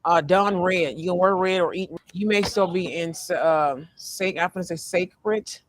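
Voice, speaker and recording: A man giving a casual, rambling tarot reading from a fast-food restaurant, full of fillers and restarts. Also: sits high, no echo. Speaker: tarot reader. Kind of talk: casual spiritual card reading vlog.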